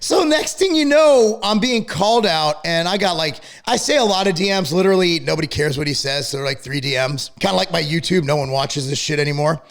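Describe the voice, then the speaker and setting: Angry high gravelly-voiced man ranting. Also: animated. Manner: angry, profane, rapid ranting. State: worked up, yelling. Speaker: fitness company owner and channel host. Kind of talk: ranting vlog to camera.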